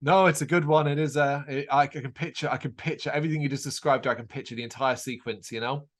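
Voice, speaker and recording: A man, co-host of a podcast, asking interview questions in a brisk, chatty way. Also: medium pitch, steady tone.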